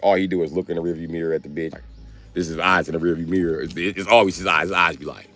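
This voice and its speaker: A man hosting a livestream, telling profane comic stories in a loose, animated way into a close mic. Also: sits low, quick pace. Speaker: livestream host. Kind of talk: casual comedic rant.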